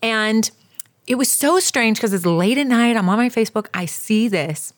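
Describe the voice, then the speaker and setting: A woman's voice: on the high side, lively intonation, normal speed. A woman in her thirties co-hosting a podcast, telling a story to her listeners with lots of emphasis. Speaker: podcast co-host. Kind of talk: casual storytelling chat.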